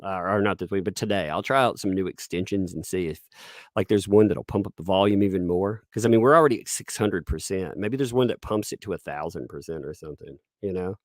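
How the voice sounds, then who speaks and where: A man's voice: fast, no room sound, studio quality. A man hosting a live stream, commentating sarcastically, reading chat and laughing often. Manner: puts on squeaky mocking voices when quoting people.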